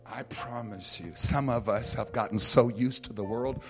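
An American man in middle age delivers a sermon in a folksy, storytelling way, then builds to loud, emphatic points. His voice sits at an average pitch for a man. Music plays clearly underneath him. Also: normal speed, hardly any pauses. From United States. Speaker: pastor. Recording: music playing behind.

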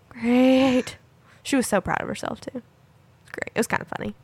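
A woman's voice: on the high side, normal speed, breathy edge, no room sound. A woman in her thirties co-hosting a casual chat among moms, telling stories and acting out her children's voices. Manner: animated storyteller, acts out her kids' voices. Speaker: podcast co-host.

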